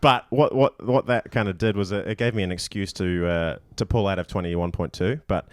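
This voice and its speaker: A man's voice: deep voice, brisk, dry recording. A man co-hosting a podcast, teasing and emphatic as he chats and breaks down results. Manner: teasing, emphatic, prone to restarts. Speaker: podcast co-host. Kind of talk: casual chat and leaderboard breakdown.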